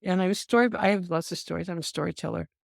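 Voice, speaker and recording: An older nurse racing through her stories in an interview speaks low and gravelly. Animated, she acts out the voices she quotes and often says "um," recorded in studio quality without echo.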